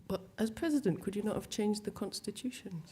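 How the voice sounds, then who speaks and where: A woman's voice: medium pitch, animated, brisk, noisy background. A woman moderating a panel, lightly teasing and laughing with the speakers.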